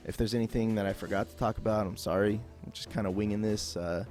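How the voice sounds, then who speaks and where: A man with a lowish voice walks through a video game tutorial in an easygoing, off-the-cuff voice-over. He rambles a bit and leans on fillers. Soft music plays faintly underneath. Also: fairly even intonation, quick pace. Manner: casual and rambling, with many fillers. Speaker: gameplay tutorial host.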